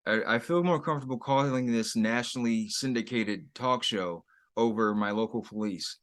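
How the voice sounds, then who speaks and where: A man co-hosts a casual podcast, and his voice sits in an ordinary middle pitch. He recaps plot points plainly and drops wry, crude one-liners. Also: normal speed, a bit bright, clear, resonant tone. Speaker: podcast co-host.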